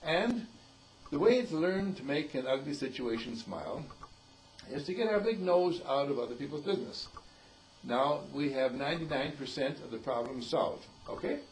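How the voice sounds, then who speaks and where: Folksy male speaker, lively swooping delivery, laughs through his lines, faint hiss behind. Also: on the high side, normal speed, low-quality recording. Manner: chuckling often, animated, acts out quoted voices. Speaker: dean giving a short inspirational talk. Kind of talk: folksy inspirational talk.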